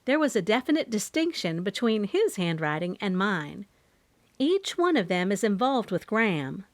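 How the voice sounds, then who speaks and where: Expressive woman audiobook narrator. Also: medium pitch, normal speed, dry recording. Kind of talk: first-person audiobook narration.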